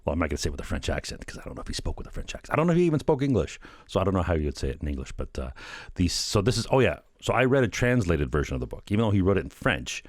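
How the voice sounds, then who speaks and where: Low-voiced rambling man, dry sound. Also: very animated, very fast, no room sound. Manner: rambling, fills talk with "you know" and "right?"; chuckles at his own remarks. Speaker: podcast host. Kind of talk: casual solo commentary.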